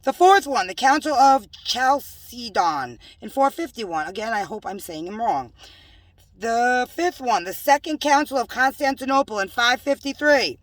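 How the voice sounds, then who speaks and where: A woman's voice: on the high side, lively intonation, a little slow, no echo, distant mic. A woman preaching in a home-made religious video, emphatic and scolding, with joking asides. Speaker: self-styled religious preacher.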